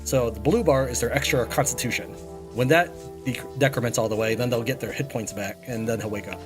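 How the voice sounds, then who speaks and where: A man talking quickly in a casual gaming session, walking his friends through how the game works with a teasing edge. Clear game music plays behind his voice. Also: medium pitch. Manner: explains game mechanics, teasing. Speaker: game player.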